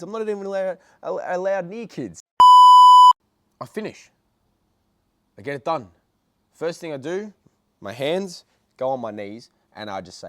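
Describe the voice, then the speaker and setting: A young man vlogging, telling a story in a casual, blunt, excitable way and swearing heavily. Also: on the high side, moderate pace, pauses often, dry recording.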